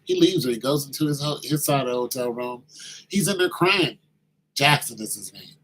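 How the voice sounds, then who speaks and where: A man telling a story in a casual monologue, animated and slangy, acting out the quoted voices. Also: mid-range voice, normal speed, rough recording.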